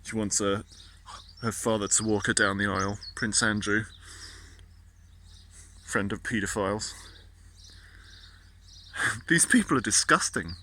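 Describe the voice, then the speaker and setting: A man's voice: on the low side, slow pace, long pauses, sharp tone, slight background noise. A man, ranting casually and indignantly, often stumbling and repeating words. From Britain. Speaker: vlogger. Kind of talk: casual political rant.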